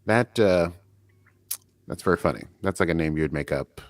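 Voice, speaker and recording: Podcast co-host, male, low voice, casual recap chatter with laughs, dry recording. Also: dry recording. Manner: chatty, laughing, quick asides.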